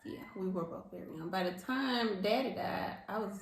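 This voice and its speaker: A woman in her thirties talks candidly, her pitch rising and falling freely. Her voice sits mid-height for a woman. The recording carries a roomy echo. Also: normal speed, a little hiss or hum. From Alabama, US. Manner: candid, expressive, dialect-heavy talk. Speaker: co-host. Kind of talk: casual chat.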